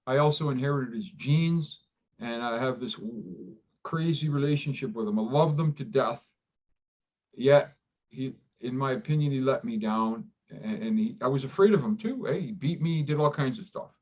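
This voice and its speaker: Reflective man guest, lo-fi sound. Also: medium pitch. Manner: reflective, halting with many restarts; acts out quoted dialogue with livelier voice. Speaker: doctor in recovery, guest. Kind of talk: candid interview conversation.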